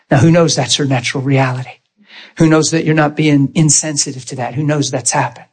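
A man preaching a sermon in a church, telling healing stories in an animated way and often crying out in excitement. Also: medium pitch, fast talker, breathy edge. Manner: animated, shouts and cries out in excitement. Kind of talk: sermon with testimony storytelling.

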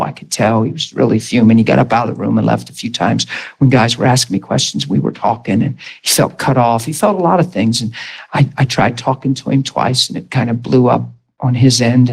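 This preacher's mid-range voice is creaky with a breathy edge, captured in low quality. He shares a personal story from the pulpit, performing the people's lines with rising and falling tones.

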